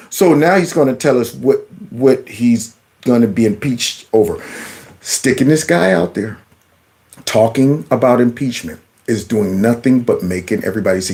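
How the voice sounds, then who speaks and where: A man's voice: normal speed, creaky. A man hosting a political commentary vlog, mocking a clip with sarcastic asides and repeating its words back. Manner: animated, swings from loud jabs to low mutters. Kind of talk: reaction commentary on a video clip.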